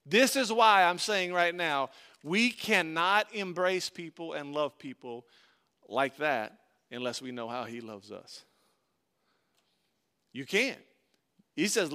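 A man with a fairly high voice preaches a sermon. He reads scripture aloud and comments on it. His delivery swings between loud, emphatic lines and soft, hushed passages. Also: lively intonation, slow pace, long pauses, smooth. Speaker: pastor.

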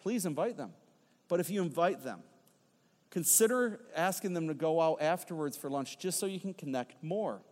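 A man's voice: on the high side, lively intonation, moderate pace, a little mellow. A middle-aged man preaching a sermon, telling a story with playful asides to his congregation. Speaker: pastor. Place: church sanctuary. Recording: long hall reverb.

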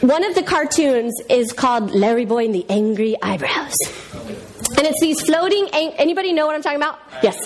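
A woman in her thirties teaching a Bible lesson in a casual, animated way, telling stories and acting out voices. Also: high voice, fairly quick. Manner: animated storyteller, acts out voices.

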